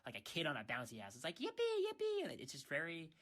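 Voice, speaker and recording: A man's voice: medium pitch, expressive, racing, pushed and bright. A young man who streams, ranting casually in a rambling way. He restarts his sentences often and keeps saying "freaking". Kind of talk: casual rant.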